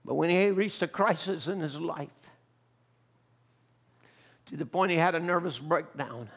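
Gravelly high-voiced male preacher. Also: unhurried. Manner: swings from quiet storytelling to shouted fervor. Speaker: pastor. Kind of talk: sermon.

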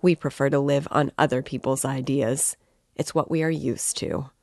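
A woman reading the part of an excitable, drunken young man who rants passionately. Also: rumbling low, normal speed, creaky, no echo, clean studio sound. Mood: impassioned. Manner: impassioned, ranting.

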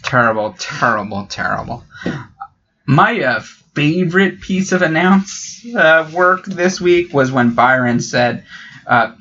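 A man co-hosting a podcast in casual banter, sarcastic with quick asides. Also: fairly high pitch, pushed and bright, muffled recording, slight background noise. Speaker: podcast co-host.

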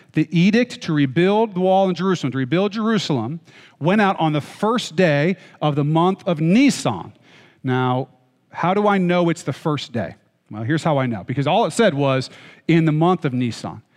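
A man's voice: a little high, a little mellow. A man preaching a sermon, reading scripture and then explaining it in a conversational way with joking asides to the congregation. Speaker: pastor. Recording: long hall reverb.

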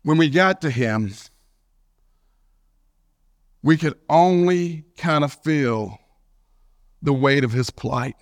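A male pastor giving a storytelling sermon, moving from a childhood anecdote into scripture. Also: mid-range voice. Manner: storytelling, animated, with shouted quotes of a friend's catchphrase.

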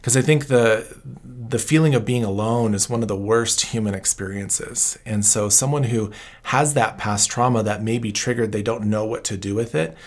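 A man answering interview questions as a trauma counselor, in a calm, explanatory and reassuring tone. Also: fairly low pitch, moderate pace.

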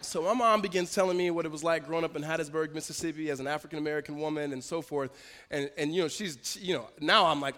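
Male pastor, slightly high voice, animated storyteller in a reverberant church hall. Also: fairly quick. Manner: storytelling, animated, self-interrupting with laughs. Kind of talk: sermon with personal story.

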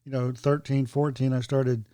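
A man from North Carolina co-hosting a podcast, talking in a relaxed, unhurried way. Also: mid-range voice, no echo, clean studio sound. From North Carolina, USA. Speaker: podcast co-host. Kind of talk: casual chat.

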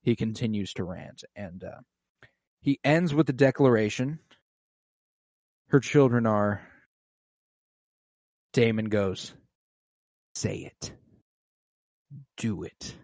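A man's voice: on the low side, slow, pauses often, no echo. Man, casual recap chat, swears a lot, acts out quotes, dry close sound. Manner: profane, animated retelling with voiced quotes.

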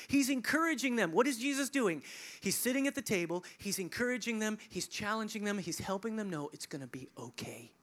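A male pastor preaching a sermon, conversational and animated, swinging between emphatic peaks and hushed, near-whispered lines. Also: high-pitched, brisk. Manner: conversational asides, chuckling.

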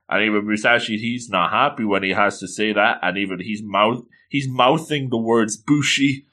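A man reads a comic chapter aloud to his listeners, breaking off to joke about it. His voice is bright and forward, with a casual, playful lilt. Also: fairly low pitch, normal speed, hardly any pauses. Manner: playful, joking, fond of the same exclamation; acts out the characters with changing voices. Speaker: reader reviewing a comic chapter. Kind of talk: casual comic read-along with commentary.

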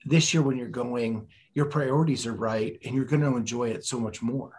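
A man with a husky, slightly breathy voice hosts a casual interview, asking earnest questions in an easygoing way. He comes across as sincere and easily moved. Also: mid-range voice, moderate pace, darkish tone. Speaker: podcast host.

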